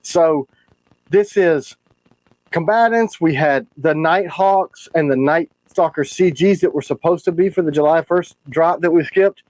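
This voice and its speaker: A man who makes knives, hosting a casual livestream and talking in a frustrated, animated way with quick asides. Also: fairly high pitch, no echo, poor audio. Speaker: knife maker hosting a livestream.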